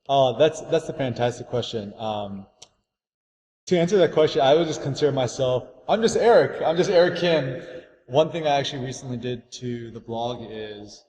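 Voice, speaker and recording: A man's voice: medium pitch, moderate pace, darkish tone. An American man answering interview questions in a casual, enthusiastic and reflective way. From United States. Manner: enthusiastic, reflective, many "like" fillers. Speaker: guest photographer. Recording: echoey room with faint noise.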